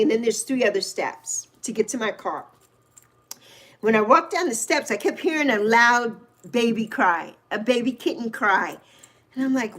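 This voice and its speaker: A woman in her sixties hosts a casual livestream and tells a story in a lively, chatty way. Her voice sits high, and she stops now and then to greet viewers by name. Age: 60s. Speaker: livestream host.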